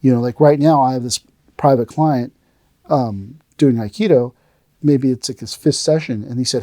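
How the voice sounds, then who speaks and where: A middle-aged man who teaches aikido hosts a relaxed podcast chat, telling stories with energy and acting out the quoted lines himself. His voice is medium in pitch and moves at a normal speed. The recording is studio quality with no echo.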